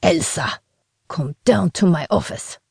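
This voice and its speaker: A woman voicing a gruff, domineering middle-aged father who speaks slowly and commandingly. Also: expressive, mellow, no echo, clean studio sound, exaggerated voice. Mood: bellowing. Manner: slow, commanding, booming.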